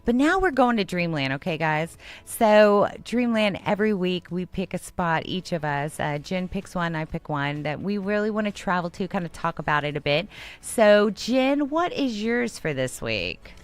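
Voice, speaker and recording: A woman's voice: lowish voice, animated, moderate pace. Bubbly Texas radio co-host woman. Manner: bubbly, laughs often. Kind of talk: casual radio chat. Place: radio studio.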